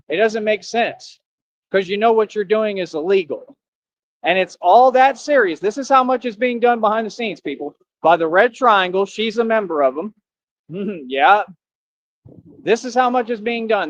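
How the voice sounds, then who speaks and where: A man with a high voice rants on a livestream, boastful and confrontational, leaning on street slang. The recording is dull and lo-fi. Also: no echo. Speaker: livestream streamer. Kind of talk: ranting live stream. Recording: dull lo-fi sound.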